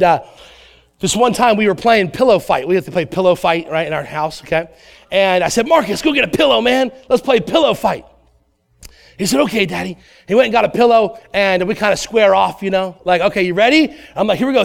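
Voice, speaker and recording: High-voiced man preaching with energy. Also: creaky. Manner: animated preaching, acts out voices and asides. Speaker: pastor. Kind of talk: sermon.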